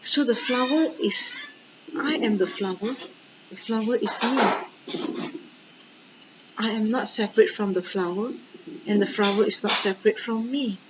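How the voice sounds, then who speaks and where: Animated woman giving a dharma talk. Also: fairly high pitch, unhurried, pauses often, highs cut off, noisy background. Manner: animated, with rhetorical questions and exclamations; checks in with the audience often. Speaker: Buddhist nun and teacher.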